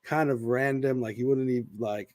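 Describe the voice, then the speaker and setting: An American man chatting casually on a podcast, peppering his talk with fillers and telling anecdotes with a grin in his voice. The sound is dry and close, with a mid-pitched tone. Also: steady tone, moderate pace, a little mellow, no room sound. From United States. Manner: chatty, many fillers like "like", laughs while telling stories. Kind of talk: casual chat.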